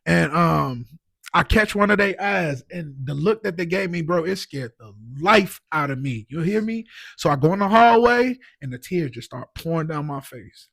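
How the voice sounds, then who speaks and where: A man telling his own story as a podcast guest, animated and emotional, full of "like" and "you know what I'm saying". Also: fairly high pitch, normal speed, vocal fry, dry recording. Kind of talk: casual storytelling.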